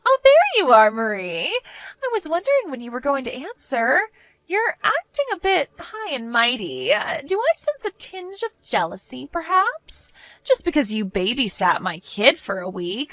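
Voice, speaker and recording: A woman's voice: high voice, wildly swooping pitch, normal speed, fairly bright tone, dry recording, full character voice. A woman voicing a selfish, defensive woman neighbor who scoffs and bristles in a narrated story. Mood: indignant. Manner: indignant, scoffing.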